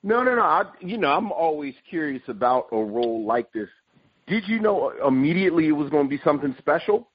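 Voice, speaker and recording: A man co-hosting a podcast, talking casually in a low-key, hesitant way. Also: very animated, a little fast, slightly rough, dry recording. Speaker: podcast co-host. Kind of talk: casual chat. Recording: dry dull lo-fi podcast audio.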